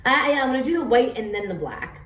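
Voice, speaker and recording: A woman's voice: high voice, big pitch swings, quick pace, fairly bright tone, a little hiss or hum. A woman casually explaining her homemade oracle cards, rambling with fillers and stammered restarts. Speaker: oracle card reader. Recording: roomy echo, distant from the mic.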